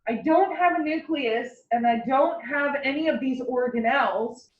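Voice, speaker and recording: A woman anatomy instructor giving a classroom lecture, explaining with playful, animated analogies. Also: high-pitched, moderate pace. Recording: roomy, distant, dull lecture recording.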